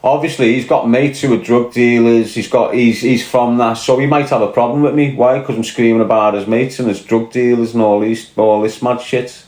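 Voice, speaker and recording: A combative Scouse man talks straight into his livestream, swearing freely and firing back at chat questions. His voice sits at an ordinary middle pitch. The sound has a roomy echo, as if he is in a bare room. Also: fairly even intonation, moderate pace, few pauses, darkish tone. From Liverpool, England. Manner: blunt, combative, swearing, reading and answering chat. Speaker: livestream host. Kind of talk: casual livestream rant.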